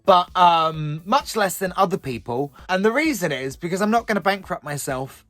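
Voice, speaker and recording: Male guest, lively wry storyteller, video call audio. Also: sits high, normal speed, no echo, soft background music. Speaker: guest drag performer. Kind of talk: casual chat about own looks.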